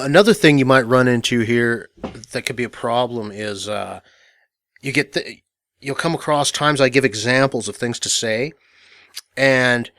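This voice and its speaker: A man's voice: mid-range voice, a bit bright, no room sound, studio quality. A man teaching an instructional audio course in a matter-of-fact, casual way, full of fillers and restarts. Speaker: dating coach.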